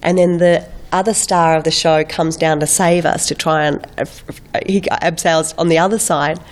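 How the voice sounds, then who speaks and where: A middle-aged woman, an actor, telling animated stories in a casual interview with frequent laughs and restarts. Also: low-pitched, moderate pace. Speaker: actor guest.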